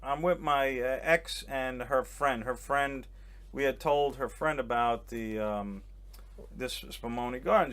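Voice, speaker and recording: A man's voice: mid-range voice, moderate pace, fairly bright tone. A man and comedian, a guest telling a rambling, self-mocking story as a casual chat on a boat. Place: on a boat in a harbor.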